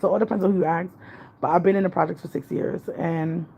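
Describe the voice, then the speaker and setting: A woman's voice: fairly low pitch, steady tone, fast, vocal fry, dark tone. A woman, chatting casually on a livestream, rambling between thoughts and reading out viewer comments. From Jamaica. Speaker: vlogger. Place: apartment in the city. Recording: faint background noise.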